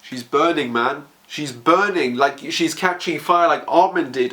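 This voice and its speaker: A man's voice: a little high, a little slow, few pauses, sharp tone. A man emotionally reacting as he reads a manga chapter aloud, stammering and narrating what happens.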